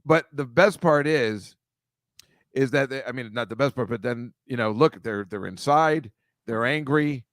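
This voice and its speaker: A man's voice: mid-range voice, a little slow, no room sound, studio quality. A man hosting a casual video-call chat over shared slides, rambling, wry and mocking, swearing freely. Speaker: host.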